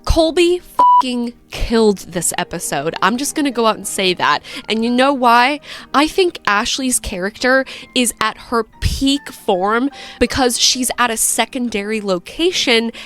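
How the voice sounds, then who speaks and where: A woman giving casual video-essay commentary in a frank, profane and animated way. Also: a little high, a little slow.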